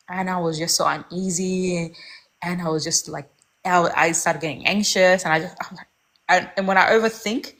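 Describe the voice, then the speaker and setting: A woman's voice: on the low side, a bit bright. A young woman casually telling a personal dating story, rambling and candid, with many fillers and restarts.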